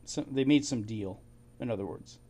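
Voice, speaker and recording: This is a man reading through old documents and commenting as he goes. He thinks aloud, restarts his sentences often and breaks into small chuckles. His voice sits at an ordinary mid pitch for a man. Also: moderate pace, dark tone. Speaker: channel host.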